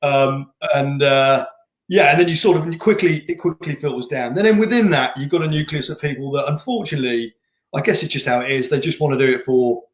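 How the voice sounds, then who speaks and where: A man's voice: medium pitch, fairly quick. A man, a race director talking bluntly in a casual interview, laughing easily and restarting his sentences. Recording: roomy echo.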